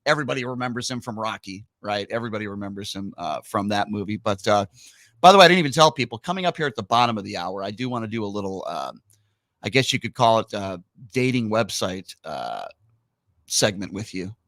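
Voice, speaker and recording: A man's voice: lowish voice, animated, fast talker, fairly bright tone, dry recording. A man hosting a talk radio show, speaking emphatically and opinionatedly in casual banter, repeating his points.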